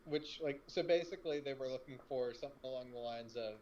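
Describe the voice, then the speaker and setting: A man's voice: medium pitch, fast talker, a little mellow, lo-fi sound, slight background noise. Dry, sarcastic man on a phone. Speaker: stream co-host. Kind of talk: casual chat over gameplay. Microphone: phone over voice chat.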